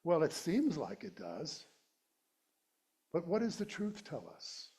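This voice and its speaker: A man's voice: a little high, huge pitch swings, slow, dark tone. A middle-aged male minister giving a conversational, playful sermon and laughing at his own jokes. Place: church sanctuary.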